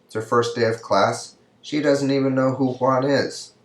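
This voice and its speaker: A man's voice: mid-range voice, fairly even intonation. A man teaching a recorded Spanish lecture, walking through exercises patiently and often checking with "right?". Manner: patient, asks "right?" often, pauses for students. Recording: echoey room sound.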